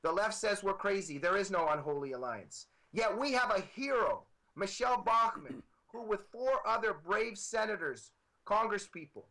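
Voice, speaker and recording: A man's voice: high-pitched, sharp tone, low-quality recording. A man appearing as a guest author, arguing with emphatic, repetitive political commentary over a computer microphone.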